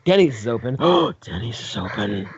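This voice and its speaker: A man's voice: medium pitch, big pitch swings, normal speed. Joking, swearing male player. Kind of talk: casual chat during a tabletop game. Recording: dull lo-fi recording with clear noise.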